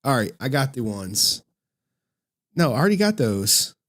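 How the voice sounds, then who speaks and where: A man streaming live, giving commentary in an animated, exasperated rant with frequent swearing. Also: mid-range voice, moderate pace.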